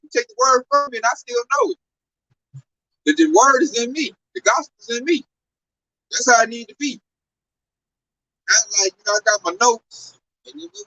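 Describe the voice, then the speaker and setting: A man preaching on a downtown street in an animated, slangy, exclamatory way. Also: extremely high pitch, no room sound, distant mic, rough recording.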